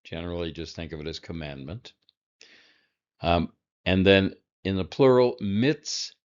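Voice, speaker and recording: A man teaching a recorded language lesson, halting with many fillers and dropping in dry asides. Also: deep voice, lively intonation, clear, resonant tone, muffled recording. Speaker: Hebrew teacher.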